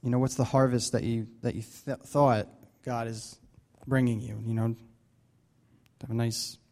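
Man, casual sermon, mellow voice, halting, lots of restarts and fillers. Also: mid-range voice, little pitch movement. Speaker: Bible study leader.

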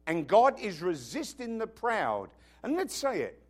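A man's voice: high-pitched, huge pitch swings, unhurried. A man from Britain with a British accent preaching a sermon, emphatic and joking, often asking the congregation whether they follow. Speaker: pastor.

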